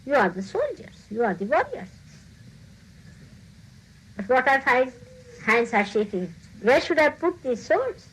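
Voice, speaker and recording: A woman with a high, sing-song, slightly rough voice speaks unhurriedly with frequent pauses, heard on a rough recording. She is a spiritual teacher addressing her followers, teasing and scolding them playfully, laughing often, and acting out the voices of people she quotes.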